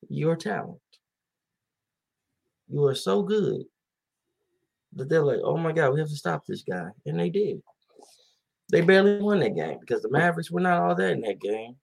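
With a somewhat high, darkish voice carrying vocal fry and a breathy edge, a male podcast host chats casually about basketball. He rambles in an animated way, full of fillers and quotes he acts out.

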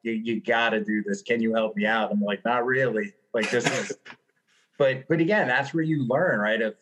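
A middle-aged man from the eastern United States who works as an insurance underwriter, speaking in a relaxed, reflective way with some hesitations. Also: mid-range voice, normal speed, a little hiss or hum, low-quality recording. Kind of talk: casual conversation.

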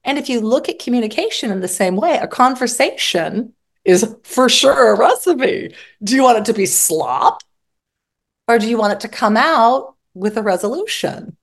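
A woman therapist speaking as an interview guest, expressive and acting out her examples vividly. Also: a little high, normal speed. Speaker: psychotherapist guest. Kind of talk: interview conversation.

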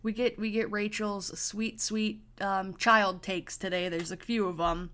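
A woman's voice: medium pitch, little pitch movement, a little slow, hardly any pauses, fairly bright tone. Chatty woman podcast co-host. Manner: chatty, self-deprecating about being pedantic. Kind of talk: casual chat recapping a TV episode.

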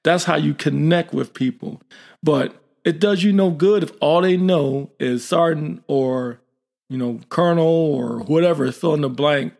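A man talks in a loose, animated way, often slipping into quoted voices. His voice has a gravelly edge and sits a bit high for a man. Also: measured pace. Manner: animated, acts out quoted dialogue. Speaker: military leader. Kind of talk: casual podcast chat.

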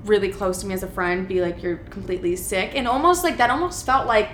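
A young woman talks candidly in a casual podcast chat, telling her story in an animated ramble. Her voice sits in a middle range. The room is echoey with a faint hiss behind her. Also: medium pitch, quick pace. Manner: chatty, frequent "like", animated retelling.

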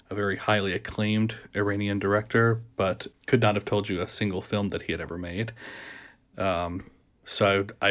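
A man with a somewhat low voice hosting a film podcast. He keeps things relaxed and easy, passing the talk from one guest to the next. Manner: relaxed, moderating the round. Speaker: podcast host. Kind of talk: casual film discussion.

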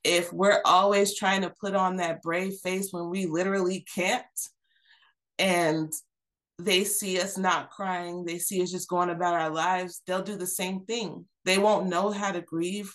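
A woman in her thirties speaks as a podcast guest in a fairly low voice. She talks earnestly and reflectively, circling back with fillers and restarts as she finds her words. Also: a bit bright. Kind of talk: candid personal conversation.

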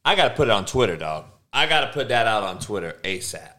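A young man hosts a livestream, answering viewers while ranting loosely in slangy, profane casual talk punctuated by swearing and laughs. His voice sits on the low side, with big pitch swings, and he talks fast in a pushed, bright tone.

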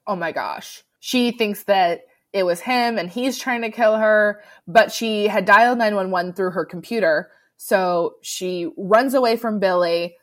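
A woman co-hosting a podcast, chatting casually and animatedly as she recaps a film. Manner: animated, acts out quotes in loud high voices. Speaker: podcast co-host. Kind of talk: casual movie recap chat.

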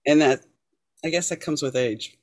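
A woman hosting a podcast, telling stories calmly and measuredly but animated when she quotes others. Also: sits low, no echo, clean studio sound. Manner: storytelling, animated when quoting, calm and measured between quotes. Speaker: podcast host. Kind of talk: casual interview conversation.

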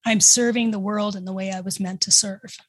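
A woman with a Canadian accent, a guest who runs a pet care business, speaking in a measured, earnest, reflective way. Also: medium pitch, steady tone, dry recording. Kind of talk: casual interview chat.

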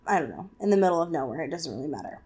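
A woman co-hosting a casual podcast, recapping a novel chapter with lots of fillers and quick asides. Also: deep voice, very animated, a little mellow, breathy edge. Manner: chatty, filler-heavy, acts out characters in quick asides. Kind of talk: casual chat.

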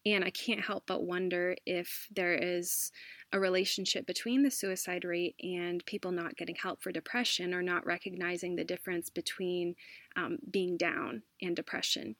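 A woman, a teacher, speaking in an earnest, reflective and conversational way, with occasional soft laughs. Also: fairly low pitch, fairly even intonation, normal speed, no echo. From United States. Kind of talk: casual conversational storytelling.

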